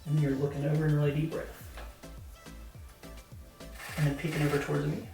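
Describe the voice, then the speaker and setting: A woman's voice: deep voice, completely flat delivery, rapid-fire, creaky. A woman with a Southern American accent directing a boudoir photo shoot, coaching poses in an upbeat, chatty way with lots of fillers. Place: indoor photo studio, roomy. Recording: echoey room, mic far off, faint music.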